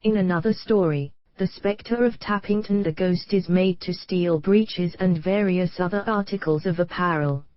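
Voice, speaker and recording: A woman reading a nonfiction audiobook in a measured, even way, in a scripted narration style that reads page headers aloud. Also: on the low side, no room sound, muffled recording.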